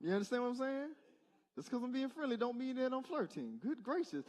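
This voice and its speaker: A man's voice: extremely high pitch, very animated, brisk, darkish tone. A male pastor giving a conversational sermon in church, asking the congregation rhetorical questions in a casual, direct way. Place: church service.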